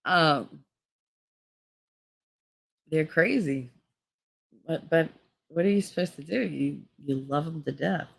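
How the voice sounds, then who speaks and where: A woman's voice: deep voice, slow pace, gravelly, pauses often, slightly rough. A middle-aged woman talking candidly in a casual, rambling monologue, laughing often and swearing freely. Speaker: vlogger.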